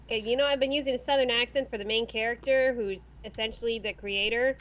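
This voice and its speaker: A woman's voice: a little high, steady tone, a bit bright. Chatty woman on dull lo-fi audio. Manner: chatty, halting restarts, acts out quoted voices. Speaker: artist and fan voice dubber. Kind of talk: casual chat.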